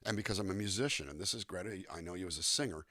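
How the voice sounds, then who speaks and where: A guest voice actor and musician with a deep, husky voice talks very fast in a conversational interview, with a dry, close recording. He's animated, demonstrating line readings and accents as he chats.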